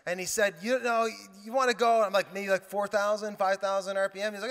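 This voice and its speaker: A male pastor preaching a sermon, telling a lively story with quoted dialogue and joking asides. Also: sits high, fairly quick, hardly any pauses, clean tone. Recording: reverberant hall.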